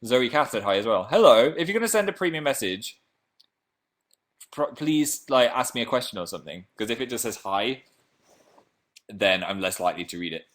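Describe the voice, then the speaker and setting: A man's voice: mid-range voice, lively intonation, a little fast, long pauses, fairly bright tone. A young man from England hosting a casual live stream, chatting playfully and reading out viewer comments.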